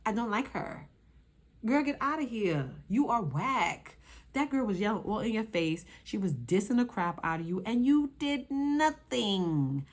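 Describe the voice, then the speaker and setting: A woman's voice: medium pitch, lively intonation, moderate pace. A young woman hosting her channel and reviewing a reality show in casual, sassy talk, exclaiming and scolding the cast directly.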